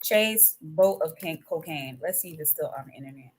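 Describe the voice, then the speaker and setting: A woman's voice: low voice, expressive, brisk. A woman co-hosting a podcast, chatting bluntly in casual slang. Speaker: podcast co-host. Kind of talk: casual chat.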